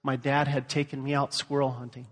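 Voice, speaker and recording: A man's voice: mid-range voice, level tone, a little fast, fairly bright tone, breathy edge. Man preaching a sermon in a reverberant hall. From Louisiana. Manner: storytelling, acts out quoted voices. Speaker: pastor.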